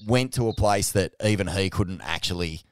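A man's voice: deep voice, normal speed, smooth, dry recording, studio quality. A man hosting a casual chat, telling stories animatedly and swearing freely. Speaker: podcast host.

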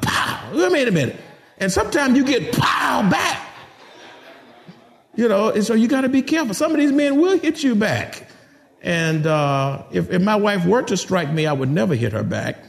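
High, lively-voiced preaching pastor. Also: male voice, creaky. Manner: animated, conversational preaching with humor and direct questions to the congregation. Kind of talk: sermon.

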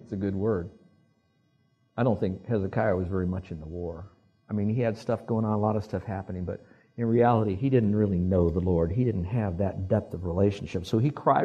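A male pastor preaching a sermon, telling animated stories and acting out the quotes. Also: deep voice, brisk, husky, muffled recording. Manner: animated storyteller who acts out quotes.

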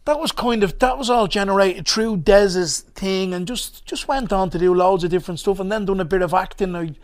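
High-voiced Dublin man, frank rambling. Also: a little fast. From Ireland. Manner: rambling, frank, peppered with "do you know what I mean". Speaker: guest, actor and comedian. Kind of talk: casual storytelling chat.

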